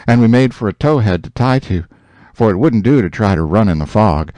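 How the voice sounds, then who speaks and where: A male audiobook narrator telling a first-person story in an unhurried, folksy way. His voice is mellow and its pitch moves freely, and the recording is dry and close. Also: no room sound.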